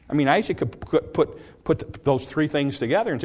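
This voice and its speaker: A man's voice: a little high, lively intonation, fast, few pauses, a little mellow, husky. Middle-aged male preacher, earnest sermon delivery with repetition and rising emphasis. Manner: earnest, repeats phrases, voice climbs on emphasis. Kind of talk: sermon, Bible teaching.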